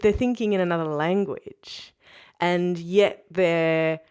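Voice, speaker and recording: Chatty woman, lowish voice. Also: takes it slowly, clean tone. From Australia. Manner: animated, laughs often, restarts mid-sentence. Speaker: podcast co-host. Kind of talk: casual chat.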